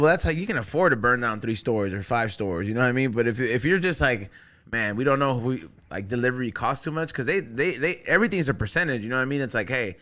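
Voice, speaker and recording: A man's voice: mid-range voice, sharp tone. A man hosting a podcast in casual, joking, profane banter. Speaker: podcast host. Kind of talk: casual chat.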